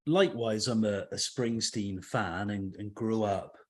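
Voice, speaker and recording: A man's voice: on the low side, unhurried. A man hosting an interview podcast, asking questions politely and enthusiastically. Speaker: podcast host.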